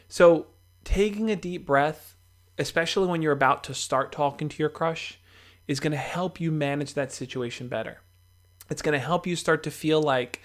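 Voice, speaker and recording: A young man hosts a casual livestream and speaks right to his viewers in an easygoing, encouraging way. His voice sits a little high for a man. He talks loosely, with fillers and restarts. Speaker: livestream host giving dating advice. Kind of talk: casual livestream advice talk.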